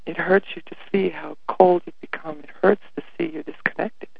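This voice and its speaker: A man and spiritual workshop leader telling personal stories in a reflective way, soft-spoken and often dropping to a near whisper. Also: a little high, fairly even intonation, moderate pace, creaky, slightly rough, dry recording. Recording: dry, phone-like narrow sound.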